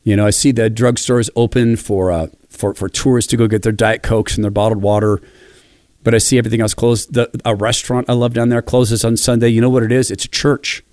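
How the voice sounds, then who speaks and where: A middle-aged man from the Pacific Northwest of the United States talks through personal stories in a reflective, enthusiastic way. His voice sits at a medium pitch. The recording is dry and close. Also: level tone, fairly quick, no echo. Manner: warm storytelling, enthusiastic and reflective. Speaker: speaker.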